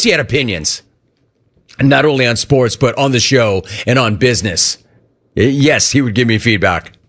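A middle-aged man with a medium-pitched voice hosts a sports talk show, fielding listener questions. His manner is casual and animated, and he acts out conversations he remembers.

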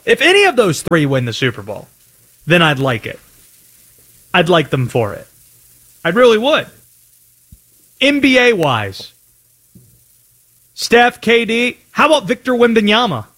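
A man hosting a sports talk radio show, taking calls and tossing out quick opinions with lively asides. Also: fairly high pitch.

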